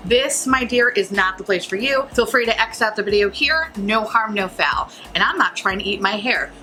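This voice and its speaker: A woman's voice: on the high side, bright, forceful tone, poor audio. A woman hosting a makeup review vlog from home, chatting in a goofy, rambling way and swearing freely. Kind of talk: casual vlog chat. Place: home, early morning.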